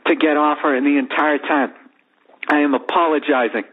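A man in his forties hosting a podcast, telling a rambling, profane comic story in an animated way. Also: on the high side, normal speed. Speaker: podcast host. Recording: narrow phone-like sound.

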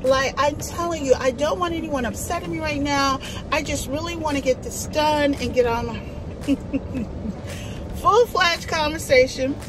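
A woman from New Jersey vlogging in a casual, animated way, telling stories and playfully acting out conversations. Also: high voice, moderate pace, low-quality recording. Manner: chatty, animated storytelling with playful put-on voices. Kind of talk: casual vlog chat.

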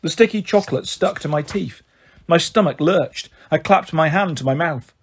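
Male audiobook reader, steady, breathy tone. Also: fairly high pitch, normal speed. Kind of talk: storybook narration.

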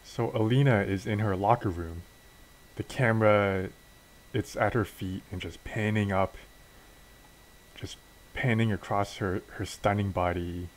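A man's voice: low voice, rough recording. A man casually narrating a wrestling game story as a let's play, with fillers and restarts.

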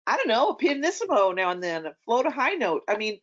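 A woman's voice: a little high, very animated, fast. A middle-aged woman, an opera singer, chatting casually and telling anecdotes with plenty of ums. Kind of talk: casual conversation. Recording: dull lo-fi audio.

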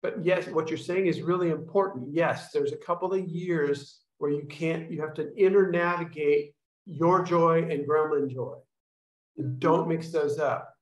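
A man's voice: on the high side, steady tone, unhurried, reverberant, rough recording. A man leading an online study group, talking loosely with restarts and acted-out sounds as he explains exercises. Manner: rambling, with restarts and demonstration sounds. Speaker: workshop leader. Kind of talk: casual teaching to an online group. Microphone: video call.

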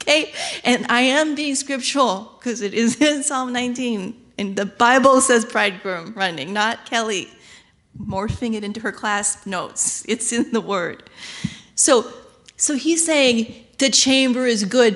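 Animated woman preaching. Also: a little high, a little slow. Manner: animated, acts out quoted voices with laughs. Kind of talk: sermon.

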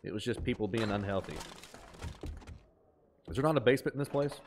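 A man's voice: lowish voice, a little fast, a little hiss or hum. A man with an Appalachian twang, chatting casually while streaming a game, reading chat aloud and laughing easily.

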